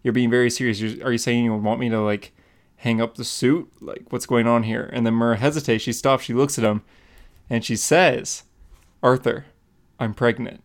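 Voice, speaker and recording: Gravelly young man recapping comics. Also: mid-range voice. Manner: animated recap, acting out quotes quickly. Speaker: podcast co-host. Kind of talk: casual comic book chat.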